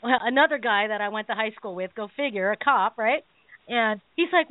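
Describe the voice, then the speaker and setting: A woman's voice: on the high side, fairly quick, no echo. A woman in her thirties co-hosting a radio talk show, telling a story casually with lots of fillers and laughs. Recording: dry, phone-like thin sound.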